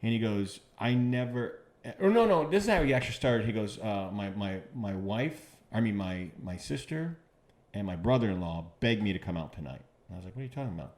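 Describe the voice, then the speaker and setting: A man, a comedian guest on a podcast, telling stories in casual chat, halting and repeating words, lively when he quotes others. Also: on the low side.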